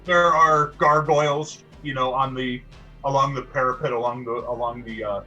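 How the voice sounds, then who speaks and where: A man's voice: mid-range voice, fairly even intonation, normal speed, pushed and bright, lo-fi sound, soft background music. A man narrating a tabletop game as game master, describing the scene with frequent restarts.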